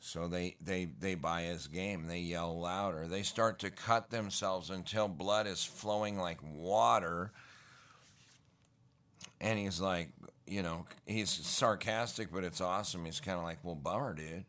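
A man's voice: sits low, fairly even intonation, measured pace, fairly bright tone. A middle-aged man preaching a casual sermon, telling scripture stories in folksy slang and building to emphatic bursts.

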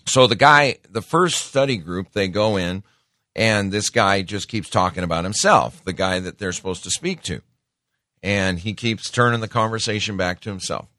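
A man's voice: on the low side, normal speed, pushed and bright, no room sound, studio quality. A man giving a casual, conversational sermon, folksy, with many fillers and asides.

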